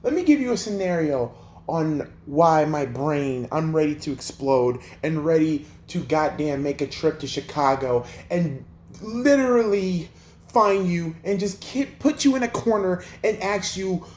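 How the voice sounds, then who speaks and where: A man's voice: on the high side, darkish tone, roomy sound. A man hosting a sports livestream, ranting in an exasperated, profane way with lots of rhetorical questions. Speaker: sports channel host.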